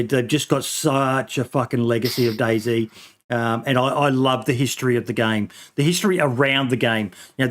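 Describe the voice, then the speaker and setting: Brief: male podcast host, mid pitch, chatty and rambling, a loose hesitant delivery. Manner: rambling, many ums and restarts, swears casually. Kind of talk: casual podcast chat.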